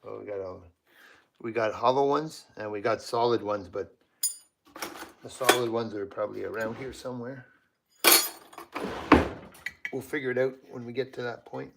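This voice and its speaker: A man's voice: medium pitch, normal speed, creaky, pauses often, background noise. Chatty Canadian man streaming live. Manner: chatty, greets viewers by name while working. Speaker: livestream host. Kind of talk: casual live-stream chat while working.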